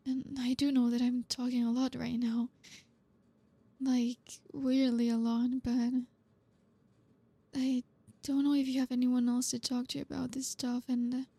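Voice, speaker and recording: A woman playing a gruff, awkward friend. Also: sits high, flat delivery, mellow, no room sound, full character voice. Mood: awkward, tender. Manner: halting, awkward, stumbling over words. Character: blunt reserved young woman friend, gruff but caring. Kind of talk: audio role-play to the listener.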